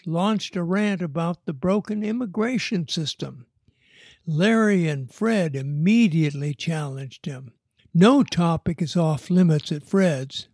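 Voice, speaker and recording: A man reading a story aloud in an unhurried, measured way. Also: high voice, a little mellow, no echo, clean studio sound. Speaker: narrator.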